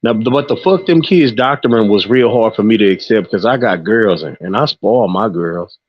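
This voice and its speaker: Male podcast co-host, low voice, dry close sound, rambling and blunt. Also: normal speed, breathy edge, dry recording. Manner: frank, rambling, swears freely. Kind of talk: casual chat. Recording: muffled lo-fi audio.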